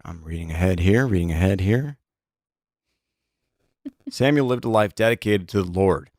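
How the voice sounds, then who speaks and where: Low-voiced man reading a list, halting. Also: darkish tone, no room sound, clean studio sound. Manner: halting, reads aloud with many fillers and restarts. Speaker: podcast co-host. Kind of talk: casual chat, reading a list aloud.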